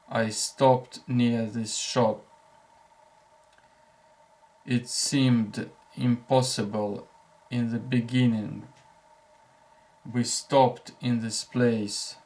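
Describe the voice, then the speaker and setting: Short practice sentences are read for learners by a male English teacher who is a native Russian speaker. He takes them slowly and deliberately, separated by clear breaks, in a mid-range, slightly mellow voice.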